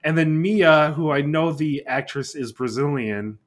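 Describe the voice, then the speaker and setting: A man's voice: on the high side, measured pace. A man co-hosting a podcast, chatting casually about a film in a laid-back way with frequent chuckles. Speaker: podcast co-host. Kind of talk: casual movie review chat.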